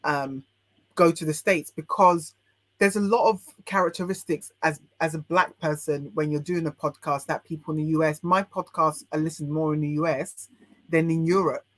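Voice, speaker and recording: Appearing on a podcast, this life coach from the United Kingdom gives her opinions bluntly in a low-pitched, fairly even voice at a moderate pace. The recording is dry, and she keeps stopping mid-phrase to restart.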